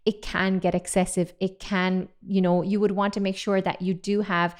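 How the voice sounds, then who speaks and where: Brief: woman, 30s, upbeat vocal coach, smooth resonant tone, mid pitch. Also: level tone, moderate pace. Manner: enthusiastic, chatty, demonstrates sounds. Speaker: singing voice coach. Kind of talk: vocal technique lesson.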